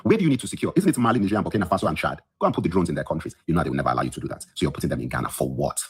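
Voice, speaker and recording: Very fast and animated, a podcast host's low, breathy voice drives a heated solo livestream rant. He's just woken up and talks into his phone from his bedroom, indignant, emphatic, and repeating lines for effect.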